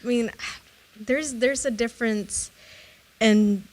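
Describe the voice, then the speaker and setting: Young woman, lively casual co-host. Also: fairly high pitch, slow, a little hiss or hum. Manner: animated storyteller, laughs often. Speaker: podcast co-host. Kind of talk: casual chat.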